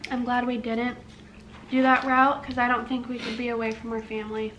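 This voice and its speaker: Young woman vlogger, slightly high voice. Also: little pitch movement, a little fast, fairly bright tone, a little hiss or hum, low-quality recording. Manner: chatty, reads out questions. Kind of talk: casual chat.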